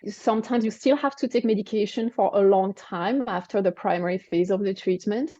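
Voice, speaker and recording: A woman's voice: mid-range voice, a little fast, dark tone, no room sound, lo-fi sound. A woman in her forties with a French accent, a guest in an interview, explaining her experience in a reflective way with frequent "right?" and "you know". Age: 40s. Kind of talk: interview conversation.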